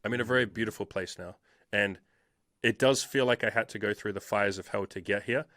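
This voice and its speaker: A man's voice: fairly low pitch, brisk, fairly bright tone, no echo, clean studio sound. A man in his thirties telling his life story as an interview guest, emphatic and swearing freely. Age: 30s.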